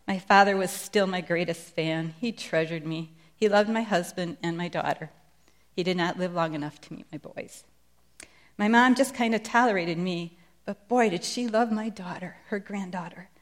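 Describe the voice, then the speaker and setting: A middle-aged woman sharing a Christian testimony in a sermon, speaking with earnest, emphatic conviction. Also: medium pitch. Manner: earnest, emphatic preaching delivery.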